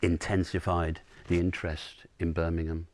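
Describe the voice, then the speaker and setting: A man speaking as a panel guest in a measured way, often murmuring agreement. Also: sits low, level tone, a little mellow, no room sound. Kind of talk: panel discussion.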